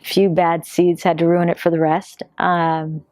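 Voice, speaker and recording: A woman in her fifties from Yemen, sharing her family's story in a hesitant way, pausing often on fillers. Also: lowish voice, flat delivery, darkish tone, no room sound, clean studio sound. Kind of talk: personal testimony.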